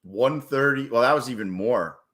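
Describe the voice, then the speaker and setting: A man live-streaming his day trading, chatting casually and excitably, with plenty of swearing and hype. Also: medium pitch, normal speed. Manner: excitable, profane, hypes up his wins; rambling and casual.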